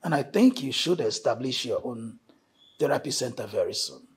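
A man plays a wealthy chief with a raspy voice, measured and authoritative, his pitch moving freely as he speaks. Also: very animated. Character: wealthy, measured male head of house.

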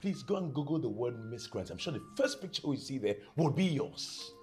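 A man playing a bossy, hot-tempered husband in a comedy skit, yelling, sarcastic and stammering over repeated words. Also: mid-range voice, sing-song, a little fast, faint music behind, natural voice. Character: bossy, hot-tempered husband throwing out his wife's friends.

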